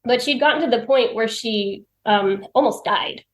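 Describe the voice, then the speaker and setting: A woman guest on a podcast shares personal stories in a talkative way. She laughs often and acts out her own remarks. Her voice sits a little high, and the room gives it a noticeable echo. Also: moderate pace. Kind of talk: personal storytelling in conversation. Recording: roomy echo.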